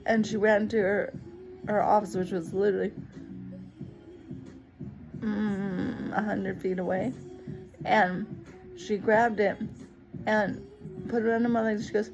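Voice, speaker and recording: Expressive woman telling a personal story. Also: medium pitch, slow, gravelly, long pauses, over music, low-quality recording. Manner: lively, expressive retelling, acting out other people's lines. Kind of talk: personal story told to the camera.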